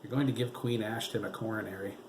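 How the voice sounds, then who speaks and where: A man voicing a weary middle-aged father who speaks softly with tired sighs. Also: on the low side, fairly even intonation, quick pace, background noise, close to an everyday voice. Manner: tired, sighing.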